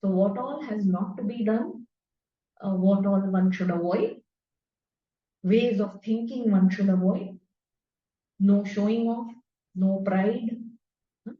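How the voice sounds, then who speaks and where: A woman's voice: medium pitch, slow pace, long pauses. A woman, earnestly explaining scripture to a class and tossing in tag questions like "no?". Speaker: spiritual teacher. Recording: roomy, distant, dull-sounding.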